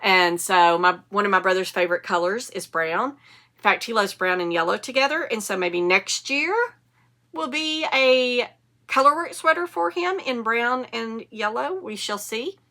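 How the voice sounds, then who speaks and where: Bright chatty lady in her 50s, rambling on about her projects, keeps correcting herself. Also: fairly high pitch, moderate pace. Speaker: knitting podcast host. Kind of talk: casual chat to camera.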